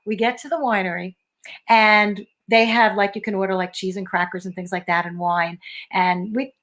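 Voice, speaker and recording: A woman's voice: medium pitch, normal speed. An older woman, telling stories in a casual chat and laughing often. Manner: animated storyteller, laughs often. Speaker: co-host.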